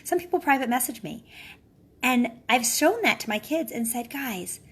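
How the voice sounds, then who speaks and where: A woman's voice: high voice, lively intonation, moderate pace, husky. A mother and wellness speaker talking casually to her followers in an earnest, encouraging way, often ending phrases with a questioning "right?". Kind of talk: casual live-video talk to followers.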